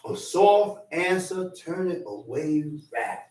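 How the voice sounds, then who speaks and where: A man teaches scripture with a high, animated voice, acting out arguments and repeating lines for weight. He sounds set back from the mic in an echoey space. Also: slow pace, far from the mic. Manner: animated, acts out quarrels with shouting; repeats phrases for emphasis. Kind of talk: street-corner Bible teaching.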